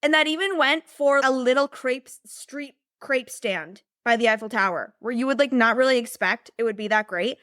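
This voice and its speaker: A woman's voice: on the high side, moderate pace, few pauses, fairly bright tone, no echo. Bubbly young woman, dry close mic. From United States. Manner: bubbly, rambling, lots of fillers and laughs. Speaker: podcast host and business mentor. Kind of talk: casual chat.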